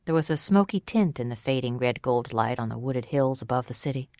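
An audiobook narrator reading a novel in first person with measured, even storytelling. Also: mid-range voice, no echo. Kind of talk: scripted narration.

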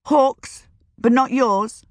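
A woman's voice: lowish voice, unhurried, no room sound, studio quality, close to an everyday voice. A woman reading the part of a fierce, proud middle-aged farm woman who speaks sharply and demandingly. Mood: fierce, earnest.

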